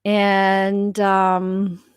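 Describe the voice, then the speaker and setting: Woman host at home, chatty livestream talk, reads out comments, dry sound, mid pitch. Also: monotone, drawn-out words, clear, resonant tone, no echo. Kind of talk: casual livestream chat. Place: her home.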